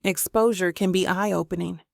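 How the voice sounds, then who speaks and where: A woman voicing a polite, guarded male professor who speaks in a measured, careful way. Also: lowish voice, steady tone, creaky, no echo, clean studio sound. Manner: measured and careful, slightly nervous.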